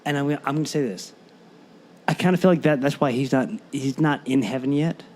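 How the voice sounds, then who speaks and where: A man co-hosting a podcast in casual chat, animated and rambling, often stumbling over his words. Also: mid-range voice, fairly quick. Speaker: podcast co-host.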